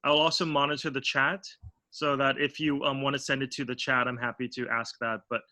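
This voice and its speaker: Bright-voiced man moderating a call. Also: mid-range voice, flat delivery, brisk, no room sound. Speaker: discussion moderator. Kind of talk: casual hosting. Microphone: video call.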